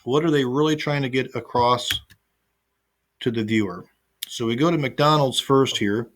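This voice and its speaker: A man's voice: medium pitch, moderate pace. A man teaching an online class, talking casually over a screen recording with plenty of fillers and restarts. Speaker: instructor.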